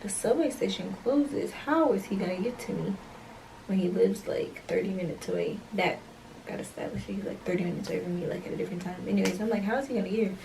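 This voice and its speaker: A young woman tells a story to her camera at home late at night, chatty and full of slang. Her voice is mellow and soft-edged. It sounds a little distant from the mic, with a light hiss underneath. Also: mid-range voice, fast, creaky. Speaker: vlogger. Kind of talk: casual story time.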